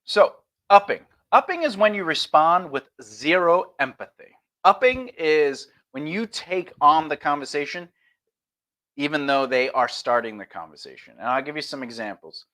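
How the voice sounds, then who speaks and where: A man with a fairly high, bright and forceful voice teaches conversation skills on a casual livestream. He talks loosely and chattily, often slipping into quick acted-out example replies. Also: animated.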